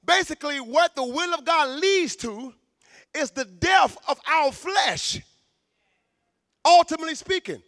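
A man preaching a sermon in a church, fervent, shouting for emphasis and stumbling over repeated words. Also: very high-pitched, animated, unhurried, no echo, studio quality.

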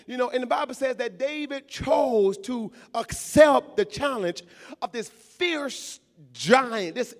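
A man with a strikingly high voice preaches to his congregation. He speaks emphatically, doubles back on his words, and urges the room to answer him. His voice rings with a long echo through the church sanctuary. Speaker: pastor. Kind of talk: sermon. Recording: long hall reverb in a church.

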